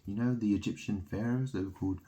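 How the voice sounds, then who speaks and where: A man's voice: fairly low pitch, fairly even intonation, quick pace, warm tone. A man giving a rambling, insistent monologue, piling up wordplay and asking "okay?" again and again. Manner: insistent, repeats "okay?", plays on word sounds. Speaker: self-styled religious speaker.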